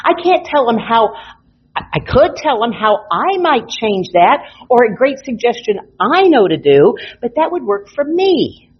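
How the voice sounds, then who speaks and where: An animated woman teaches a class, her slightly high, husky voice swooping up and down as she tells stories. The sound is dull and lo-fi, as if from a modest recording. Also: measured pace. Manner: animated, playful storytelling. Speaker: hypnotherapy instructor.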